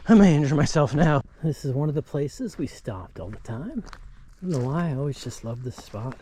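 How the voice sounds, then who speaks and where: A man's voice: mid-range voice, lively intonation, moderate pace. A man talking candidly and reflectively into a handheld phone on an outdoor nature trail, spurring himself on as he walks and jogs. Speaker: bereaved father vlogging. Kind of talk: candid walking-and-jogging vlog.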